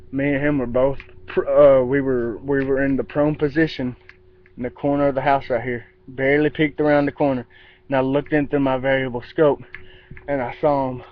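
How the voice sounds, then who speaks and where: A man telling a rambling story outdoors in casual vlog style, with restarts and mimicked sound effects. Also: mid-range voice. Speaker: vlogger. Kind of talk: casual spoken anecdote. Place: outdoors in a yard. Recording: dull lo-fi with faint outdoor ambience.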